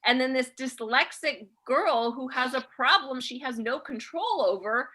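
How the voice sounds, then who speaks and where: A woman's voice: high voice, expressive, unhurried, sharp tone, poor audio. A woman hosting a comedy podcast, reading out a listener's letter and then ranting sarcastically about it. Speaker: podcast host. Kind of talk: casual comedy podcast chat.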